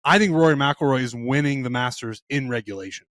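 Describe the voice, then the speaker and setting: A man co-hosting a golf podcast, telling his side in rapid, emphatic chat. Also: mid-range voice, fairly bright tone, dry recording, studio quality. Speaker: podcast co-host. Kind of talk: casual sports chat.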